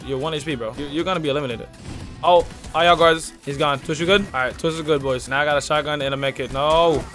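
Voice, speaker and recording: A man's voice: fairly high pitch, fairly even intonation, fast talker, fairly bright tone, soft background music. A young man giving hyped, trash-talking commentary over a video game with a friend. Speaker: gaming YouTuber. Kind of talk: live gameplay commentary.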